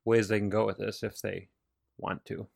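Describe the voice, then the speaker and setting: A man's voice: fairly low pitch, level tone, moderate pace, creaky, darkish tone, no echo, clean studio sound. A man co-hosting a casual wrestling chat, joking and riffing with mock impressions. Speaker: podcast co-host.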